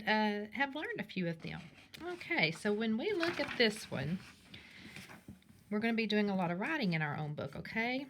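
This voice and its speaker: A woman teacher speaking slowly and clearly in a sing-song way to young children in a recorded class, with her questions jumping high. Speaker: primary school teacher. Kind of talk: recorded remote class lesson.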